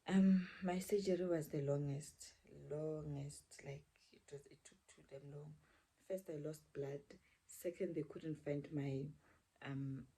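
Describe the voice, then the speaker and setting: A woman's voice: low-pitched, steady tone, measured pace, dark tone, slightly rough. A young woman telling a chatty storytime to her viewers, often dropping into a whisper. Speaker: vlogger. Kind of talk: casual storytime chat.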